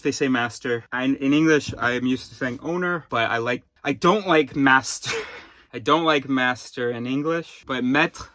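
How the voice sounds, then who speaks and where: A man's voice: medium pitch, fairly bright tone, dry recording. A man thinking aloud in a rambling personal vlog, often restarting his sentences and wandering into asides. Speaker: vlogger.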